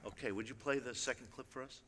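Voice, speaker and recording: A man's voice: mid-range voice, steady tone, quick pace, very noisy. A man, an illusionist, addressing a live audience on stage in a chatty, wry way with frequent direct asides. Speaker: illusionist giving a talk. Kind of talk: conversational stage presentation. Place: large hall on stage. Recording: long hall reverb.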